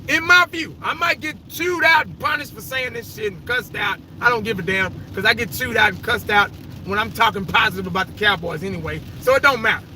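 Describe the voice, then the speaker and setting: A man's voice: high-pitched, fairly quick, pushed and bright, slight background noise, rough recording. A man giving his casual, opinionated take on football greats, swearing freely and rambling as he goes. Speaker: fan vlogger. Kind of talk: casual sports opinion rant.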